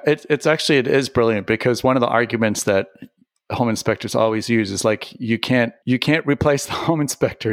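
A man hosting a podcast in relaxed, casual chat, laughing easily and often restarting his sentences. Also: medium pitch, no room sound, studio quality. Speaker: podcast host.

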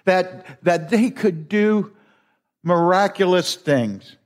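A middle-aged man preaching in a church with a slightly raised voice. He talks slowly and casually, wandering through his thoughts with restarts and small chuckles. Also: sits high, expressive. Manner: rambling, folksy, with restarts and chuckles. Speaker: lay preacher. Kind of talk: conversational sermon. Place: church sanctuary.

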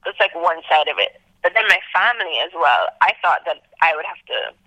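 Speaking at a fairly quick clip, a young Antiguan woman shares her experiences as a travel blogger in an interview. She brings quoted speech to life with lively, dramatic leaps in pitch. There's no echo, though the audio sounds dull.

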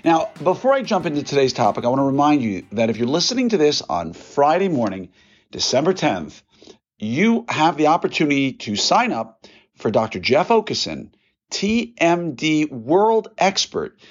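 A man's voice: a little high, sing-song, moderate pace, lo-fi sound. A man hosting his own podcast, talking casually and folksily while working through numbers aloud. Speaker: podcast host, orthodontist. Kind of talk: casual solo podcast monologue.

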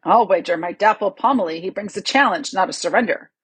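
A woman's voice: medium pitch, fairly quick, husky, no room sound. A woman reading as a sly, scheming lord. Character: scheming, resentful male lord in an army.

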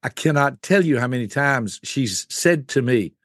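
Animated older man explaining, dry sound. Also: mid-range voice, no echo. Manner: animated, acts out quick voices of types. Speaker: guest, personality expert. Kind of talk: explanatory teaching talk.

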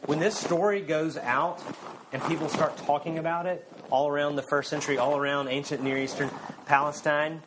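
A man preaching a sermon, earnestly, with rising emphasis and then quiet intensity. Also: on the high side, fairly even intonation, normal speed, background noise. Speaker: pastor.

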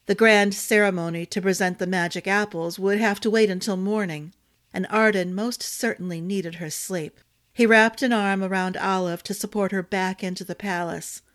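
A woman storyteller reading a fantasy novel aloud in a steady, expressive narration. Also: mid-range voice, normal speed.

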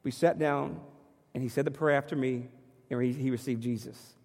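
A man's voice: medium pitch, steady tone, moderate pace, creaky, a little mellow, long reverb tail. A man preaching a sermon as a pastor, telling a story conversationally and acting out his dialogue with his young son. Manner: conversational, with many restarts.

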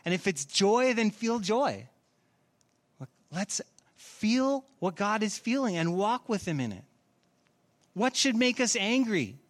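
A man's voice: high voice, very animated, slow, long pauses. A middle-aged man, preaching a sermon in a church with earnest rhetorical questions. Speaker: pastor.

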